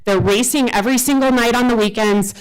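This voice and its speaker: A woman in her forties giving unprepared public comment at a city council meeting, earnest and halting, with many restarts. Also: fairly high pitch, clean tone, poor audio. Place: council chamber, speaking at a podium.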